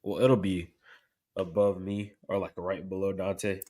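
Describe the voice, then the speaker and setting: Young man signing off, lowish voice. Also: little pitch movement, measured pace, mellow. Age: young adult. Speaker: podcast co-host. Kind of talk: podcast outro.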